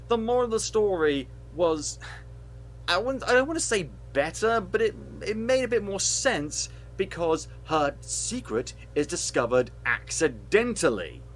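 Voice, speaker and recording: Animated, sweary man ranting. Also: high voice, a little hiss or hum. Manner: heated, sweary, sarcastic ranting. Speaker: podcast co-host reviewing films. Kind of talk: casual podcast rant.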